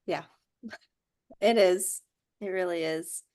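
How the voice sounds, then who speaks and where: Woman, casual book club chat over a video call, slow and reflective, lower voice. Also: a little mellow. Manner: unhurried, thoughtful, many ums. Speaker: book study participant. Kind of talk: casual group discussion.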